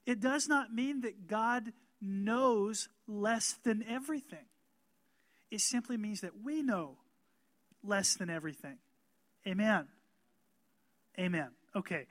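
Growing more animated and louder, a male pastor delivers an emphatic sermon, calling for amens from the congregation. His voice is high-pitched, with no echo in the recording.

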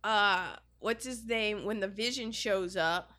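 A woman chatting casually about superhero movies, lively and quoting characters. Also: mid-range voice, takes it slowly.

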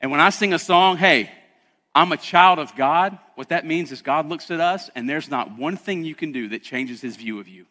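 Pastor, male, bright, forceful delivery, talky and emphatic sermon style, echo of a big hall. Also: a little high, brisk, hardly any pauses. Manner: emphatic, conversational preaching.

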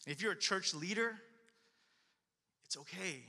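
A man's voice: high voice, lively intonation, normal speed, pushed and bright, big-room sound. A man preaching a sermon in an earnest, casual and conversational way, often repeating his main line. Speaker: pastor.

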